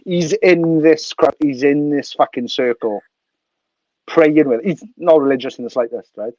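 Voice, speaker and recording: A Welsh man in his thirties telling an animated, sweary story as a podcast guest. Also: on the high side, unhurried, no room sound, highs cut off. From Wales. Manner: animated, sweary, laughs through anecdotes. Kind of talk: casual storytelling.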